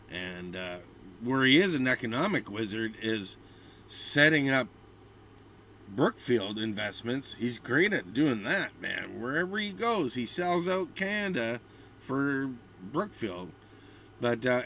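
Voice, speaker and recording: A man's voice: lowish voice, a bit bright, slight background noise. A man in his fifties ranting bluntly and ramblingly as a vlogger. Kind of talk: ranting commentary.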